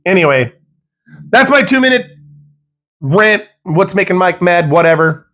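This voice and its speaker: A man's voice: high voice, lively intonation, measured pace, a bit bright. A man hosting a podcast, ranting angrily with lots of profanity in a monologue. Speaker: podcast host.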